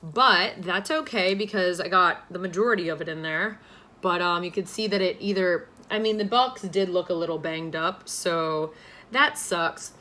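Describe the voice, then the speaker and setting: A woman's voice: on the low side, normal speed, pushed and bright. A woman hosting a casual skincare unboxing at home, gushing with enthusiasm as she talks through each product. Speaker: beauty vlogger and podcast host.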